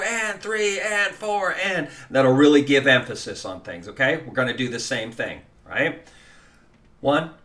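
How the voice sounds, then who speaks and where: A man's voice: medium pitch, pushed and bright. A man teaching a guided guitar lesson, counting beats aloud and coaching the listener in a casual, encouraging way. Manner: casual, encouraging, many fillers.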